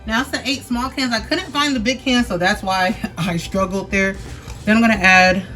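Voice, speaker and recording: A woman's voice: medium pitch, moderate pace, pushed and bright. A young woman hosting a casual cooking vlog from her home kitchen, chatting straight to her viewers with easy slang. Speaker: cooking vlogger. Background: background music.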